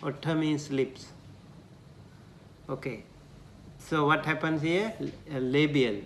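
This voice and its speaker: Slow, patient male language teacher. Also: on the high side, steady tone, slight background noise. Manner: patient, repeats syllables slowly for students. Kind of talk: classroom pronunciation lesson.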